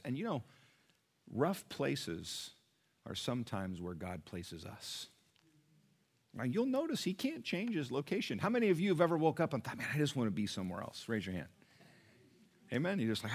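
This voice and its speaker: A middle-aged man preaching a sermon to his church, emphatic and swinging from quiet to loud. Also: mid-range voice, big pitch swings, normal speed, breathy edge. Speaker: pastor.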